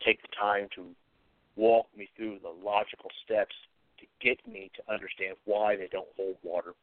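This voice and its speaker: This atheist commentary host has a lowish voice and a flat delivery at normal speed, reflecting earnestly in a solo monologue with short repeated phrases and many hesitations. The recording has no echo and a dry, tinny phone sound.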